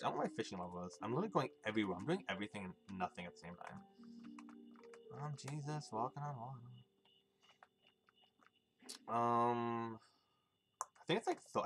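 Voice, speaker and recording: A man's voice: on the high side, fairly bright tone. A young man streaming a video game, rambling loosely and chuckling as he chats with his viewers. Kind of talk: casual live gameplay commentary.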